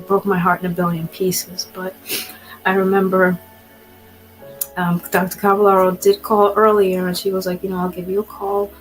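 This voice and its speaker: A woman's voice: lowish voice, low-quality recording. Woman, emotional personal storytelling, rambling and apologetic, faint music bed. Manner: rambling, apologetic, tearful at times, laughs between lines. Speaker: pet owner sharing a personal story.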